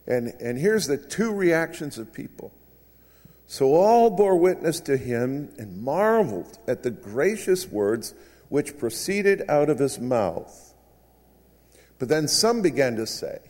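Preacher with long hall reverb. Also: male voice, fairly high pitch, sing-song, unhurried, darkish tone. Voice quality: conversational with asides. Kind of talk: sermon.

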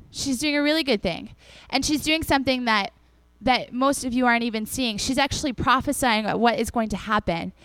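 With a clean, higher-pitched voice and no echo, a young woman delivers a relaxed, chatty sermon to a congregation. She's animated as a preacher, voicing and acting out the people in her stories.

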